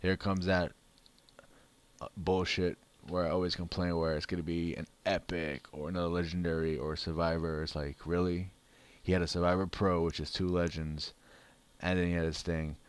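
A man's voice: low-pitched, little pitch movement, normal speed, clean tone. A man hosting his own gaming channel, giving casual commentary on a mobile card game and grumbling about bad luck.

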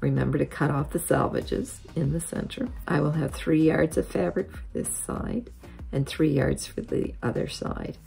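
A woman hosting a quilting software tutorial, explaining each step methodically as a voice-over. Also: deep voice, moderate pace, creaky, soft background music.

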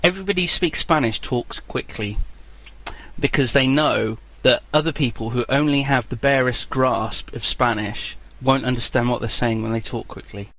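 Deadpan sweary man from England. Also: mid-range voice, moderate pace, no room sound, poor audio. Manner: deadpan, sweary, mock-serious. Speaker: podcast co-host. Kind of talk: casual comedy chat.

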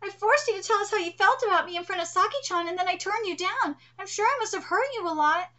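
A woman's voice: very high voice, animated, fast, pushed and bright, voice pushed up, exaggerated voice. A woman reading aloud the lines of a polite, apologetic teenage boy from a manga.

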